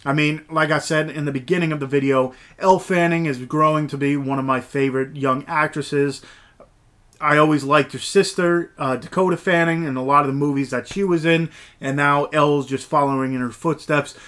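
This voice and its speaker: A man's voice: fairly high pitch, fairly even intonation, brisk, a bit bright. A man giving a casual, rambling movie review, full of fillers and enthusiasm. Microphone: camera mic, movies shelved behind.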